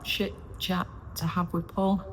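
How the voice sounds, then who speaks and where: A woman's voice: fairly low pitch, little pitch movement, slow pace. A woman in her forties rambles cheerfully to a self-filmed camera, often drifting away from the mic as she works. The sound rings with a long echo off the hard walls of a small caravan, with a faint hiss of wind outside. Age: 40s. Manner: chatty, rambling, self-deprecating. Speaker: vlogger. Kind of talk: casual solo vlog chat. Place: small caravan interior under renovation, windy day. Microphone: self-filmed camera on a stabilizer, sometimes far off. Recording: echoey small room, faint wind noise.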